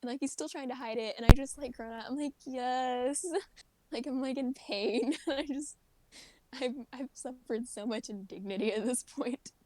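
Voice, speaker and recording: A woman telling a story on a livestream, animated and often laughing, acting out what people said. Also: on the high side, brisk, a little hiss or hum. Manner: animated, laughing, acts out quoted voices. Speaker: streamer.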